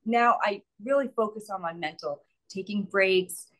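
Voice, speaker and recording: A woman guest in an interview, speaking earnestly and a little haltingly. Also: mid-range voice, fairly bright tone, poor audio. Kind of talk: casual interview chat.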